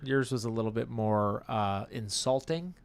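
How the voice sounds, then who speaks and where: A man co-hosting a live stream, reading chat aloud in animated, teasing banter full of exclamations. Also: medium pitch, moderate pace, creaky. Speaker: livestream co-host reading chat.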